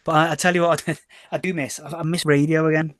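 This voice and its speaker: Fast and fairly high-pitched, with no room sound, the Liverpool-born DJ and label owner chats as a casual interview guest on a podcast. The middle-aged Scouser rambles and corrects himself, repeats words often and brings his stories alive by acting out the dialogue.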